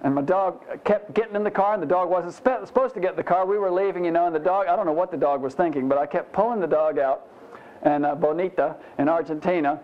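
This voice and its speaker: A man's voice: sits high, fast talker. Folksy man teaching a sermon, muffled. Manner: folksy, self-deprecating, frequent "you know" asides. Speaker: pastor. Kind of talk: conversational Bible teaching sermon.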